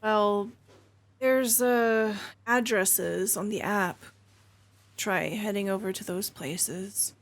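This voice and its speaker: A woman's voice: mid-range voice, slow. A woman playing a tabletop roleplaying game, speaking tersely and matter-of-factly in character. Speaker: player.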